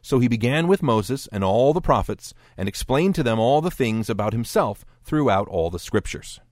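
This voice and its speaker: A man's voice: mid-range voice, expressive, normal speed, darkish tone, dry recording. A man giving scripted narration as a lecturer, explaining texts in a dry, wry tone and voicing quoted speech briefly.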